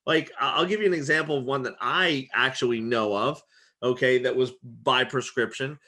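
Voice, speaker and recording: A man teaching a casual real estate exam lesson, chatty and full of fillers like "okay", his voice getting worn and hoarse. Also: medium pitch, moderate pace, pushed and bright. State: losing his voice.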